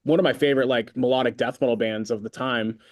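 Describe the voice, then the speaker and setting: A man's voice: mid-range voice, fast. A man from California, a band vocalist as an interview guest, telling stories in a rambling way with lots of fillers. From Concord, California. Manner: rambling, filler-heavy, animated storytelling. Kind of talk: casual interview chat.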